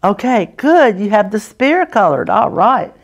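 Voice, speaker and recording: Slow gravelly woman teaching Sunday school. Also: medium pitch, big pitch swings. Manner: patient, asks children questions, clears throat. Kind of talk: children's Bible lesson.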